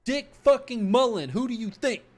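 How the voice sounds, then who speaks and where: A man voicing a rowdy male police captain who jeers loudly and swears. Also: very high-pitched, lively intonation, a little fast, faint music behind, voice pushed up, full character voice. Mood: mocking. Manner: loud, jeering, swearing. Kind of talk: voicing game dialogue.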